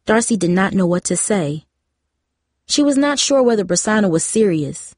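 A woman reads a novel aloud in a steady, measured manner as an audiobook narrator delivering scripted narration. Her medium-pitched voice comes through clean studio sound with no echo.

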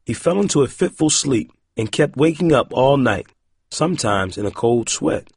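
A man narrates a novel in a lively, expressive reading voice. His tone is husky, and his pitch moves a lot. The recording is dry and close. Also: moderate pace, no echo. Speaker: audiobook narrator. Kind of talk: scripted narration.

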